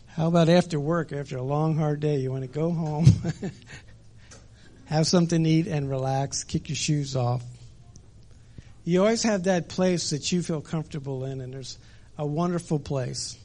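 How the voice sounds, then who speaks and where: Middle-aged preacher man, informal storyteller, slightly high voice. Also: normal speed, dark tone. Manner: conversational storytelling with frequent fillers. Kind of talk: sermon.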